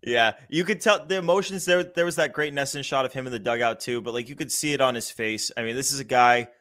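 A man's voice: medium pitch, quick pace, fairly bright tone. A man casually chatting about baseball as a podcast host, enthusiastic and loose, with the odd swear. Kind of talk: casual sports chat.

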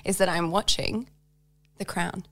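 A woman's voice: lowish voice, measured pace. A young woman from Australia co-hosting a podcast in casual chat, tired from lack of sleep and laughing often. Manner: chatty, laughs often, lively. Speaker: podcast co-host.

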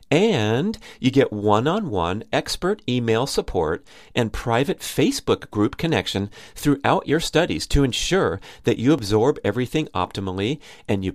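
A man's voice: mid-range voice, no echo, clean studio sound. Salesy man reading an ad. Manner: enthusiastic, salesy. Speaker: podcast host reading an ad. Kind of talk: scripted ad read.

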